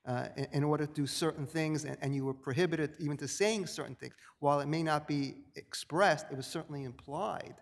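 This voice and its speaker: Judge pressing counsel in an echoing courtroom. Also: male voice, fairly high pitch, vocal fry. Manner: probing, pressing, halting restarts. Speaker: appellate judge. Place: appellate courtroom. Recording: reverberant courtroom sound.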